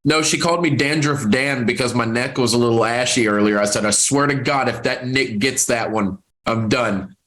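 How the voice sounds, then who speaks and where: A man's voice: mid-range voice, moderate pace, few pauses, a bit bright. A man co-hosting a casual wrestling podcast, laid-back and plain-spoken. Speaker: podcast co-host.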